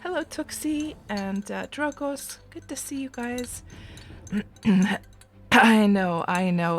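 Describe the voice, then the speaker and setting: A woman's voice: medium pitch, slow pace, faint music behind. Groggy chatty woman streamer. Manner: chatty, greets viewers by name. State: groggy just-woken voice. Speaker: livestream host. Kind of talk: casual game livestream chat.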